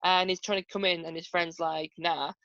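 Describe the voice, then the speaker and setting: A young woman hosting a casual review chat, briskly steering the discussion. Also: fairly low pitch, flat delivery, lo-fi sound. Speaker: podcast host.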